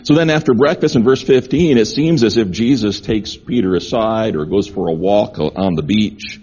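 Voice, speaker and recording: Male pastor, sermon delivery, warm husky tone, dull lo-fi sound. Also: on the low side, normal speed. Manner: earnest preaching, repeats phrases for emphasis.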